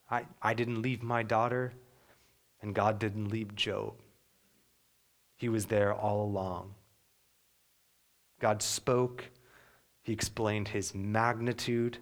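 A young adult man preaching a sermon as pastor, earnest, sometimes dropping to a soft hush. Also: on the low side, fairly even intonation, slow, long pauses.

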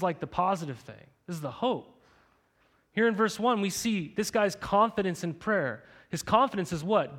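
Casual young male preacher, slightly high voice. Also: fairly bright tone. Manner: conversational preaching with frequent "right?" and "like"; rhetorical questions to the congregation. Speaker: pastor. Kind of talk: sermon.

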